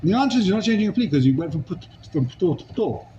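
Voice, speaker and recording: A man's voice: high voice, big pitch swings, quick pace, mellow, muffled recording, slight background noise. A man teaching a Talmud class, arguing a legal case with rhetorical questions and Hebrew and Aramaic terms.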